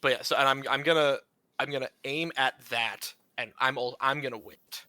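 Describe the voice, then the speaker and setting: A man's voice: medium pitch, steady tone, normal speed, sharp tone, no room sound. A man playing a tabletop game, thinking aloud and restarting his sentences as he plans his move. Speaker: player. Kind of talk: casual tabletop game play.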